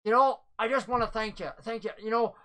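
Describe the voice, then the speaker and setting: A woman's voice: fairly high pitch, fairly even intonation, brisk, fairly bright tone, natural voice. A woman voicing a flustered, honest human man in a tavern who stammers and apologizes. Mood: apologetic.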